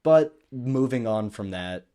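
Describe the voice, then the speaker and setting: A man's voice: medium pitch, lively intonation, slow pace, mellow. A man co-hosting a podcast in casual chat, laid-back and chuckling often. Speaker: podcast co-host.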